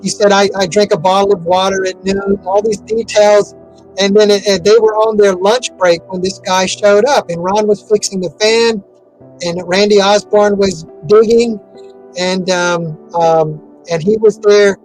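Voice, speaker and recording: A man's voice: high voice, steady tone, unhurried, darkish tone, soft background music, poor audio. A man giving an interview in a casual, rambling way, with many fillers and restarts. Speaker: interview guest.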